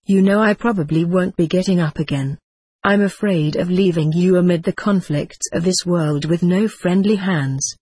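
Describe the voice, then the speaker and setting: A woman voicing an ailing, devout widowed mother who speaks slowly and tenderly, read as part of an audiobook. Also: fairly low pitch, mellow, breathy edge, no echo. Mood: anxious. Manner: slow, tender, pleading. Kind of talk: audiobook character reading.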